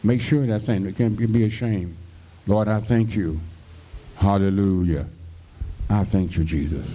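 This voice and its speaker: Low, dark-voiced preacher man. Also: unhurried, long pauses. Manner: fervent, punctuated with constant hallelujahs and thank-you-Jesus. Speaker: pastor. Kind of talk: radio sermon.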